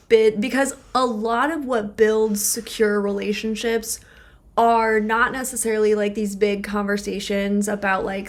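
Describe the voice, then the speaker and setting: A woman co-hosting a relationship podcast as a therapist, explaining ideas through everyday examples with lots of filler words. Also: medium pitch. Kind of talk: casual podcast conversation.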